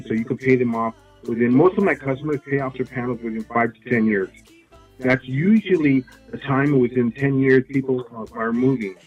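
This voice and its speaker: A man working as a solar sales representative, explaining his offers in casual interview talk, halting with many fillers and restarts. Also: medium pitch, a little mellow, husky, dull audio.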